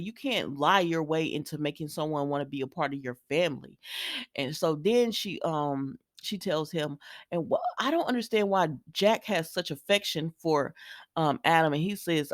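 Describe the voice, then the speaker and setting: A woman's voice: lowish voice, expressive, normal speed, no room sound, clean studio sound. A woman casually recapping a soap opera episode, chatty and opinionated. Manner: chatty and opinionated, quoting characters, sighs and laughs.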